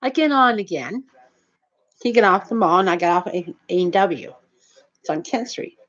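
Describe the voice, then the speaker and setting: A woman's voice: mid-range voice, expressive, normal speed, fairly bright tone. A woman who retells an everyday run-in in a rambling, repetitive, indignant way. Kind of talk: rambling storytelling to camera. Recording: dull lo-fi recording.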